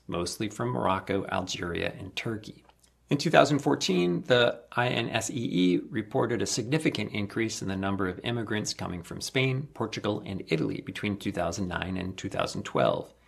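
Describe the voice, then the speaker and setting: A man with a low, gravelly voice reads an encyclopedia article aloud. His tone is husky and a little rough, and he moves through long lists in a steady cadence, lifting each new item. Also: normal speed. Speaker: volunteer reader.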